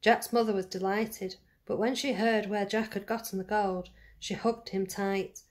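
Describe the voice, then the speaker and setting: A woman reading a fairy tale aloud to children, gentle and speaking to them directly. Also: medium pitch, fairly even intonation, a little slow. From United Kingdom. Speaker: storyteller for children. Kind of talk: read-aloud storytelling.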